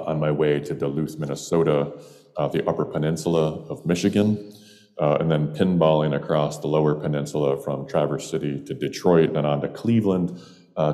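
A man's voice: rumbling low, mellow, long reverb tail. A man from upstate New York telling a humorous personal story in a wry, meandering way with playful digressions. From Jamestown, New York, US.

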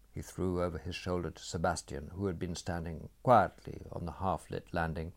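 Guy reading a novel aloud, real deep voice, gravelly, measured and a bit wry. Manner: measured, expressive reading with dry wit. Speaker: narrator. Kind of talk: audiobook narration of a novel.

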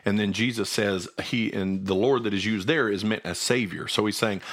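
A man's voice: fairly low pitch, normal speed, a bit bright. A man co-hosting a Bible study, earnestly explaining verses in a conversational way and thinking aloud. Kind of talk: conversational scripture teaching.

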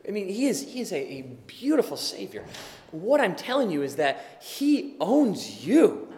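Guy preaching hard, high voice, long echo off a big church hall. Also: huge pitch swings, measured pace. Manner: impassioned, builds to emphatic forceful delivery. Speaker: pastor. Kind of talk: sermon.

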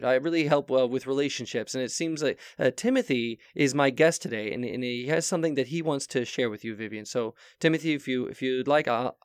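A man playing a relationship-advice talk-show host in an improvised comedy sketch, halting and stammering in formal phrasing. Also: medium pitch, smooth, no room sound, studio quality, close to an everyday voice.

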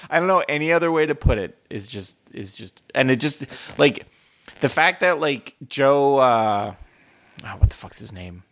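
Laughing a lot and swearing through his rants, this young podcast co-host talks film in a casual chat. He speaks at a moderate pace in a mid-range, slightly bright, sing-song voice.

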